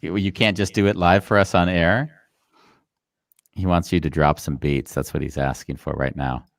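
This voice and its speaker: A man's voice: low-pitched, little pitch movement, moderate pace, dry recording, clean studio sound. A man hosting a live interview, chatting casually and rambling with many fillers. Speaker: podcast host.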